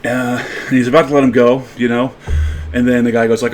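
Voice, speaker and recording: A man's voice: medium pitch, flat delivery, fairly quick, a little mellow, slight background noise. A man working out at home, telling a loose, profane story in casual chat. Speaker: fitness vlogger. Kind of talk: casual rambling monologue during workout.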